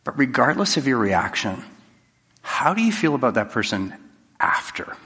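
Man, motivational speaker, acts out little dialogues, crisp bright tone, long hall reverb. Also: medium pitch, very animated, normal speed. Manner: conversational, jokey, acts out quoted exchanges. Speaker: public speaker. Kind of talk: motivational talk to a live audience.

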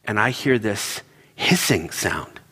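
Slow and slightly rough, this middle-aged man's low voice fills a large hall as he preaches in church. He tells personal stories with animation, acting out what each person said.

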